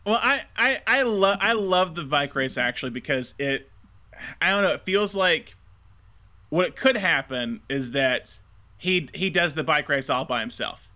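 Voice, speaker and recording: A man's voice: on the high side, lively intonation, a little slow, sharp tone. A man co-hosting a casual film podcast, talking enthusiastically in long rambling stretches full of fillers. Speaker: podcast co-host.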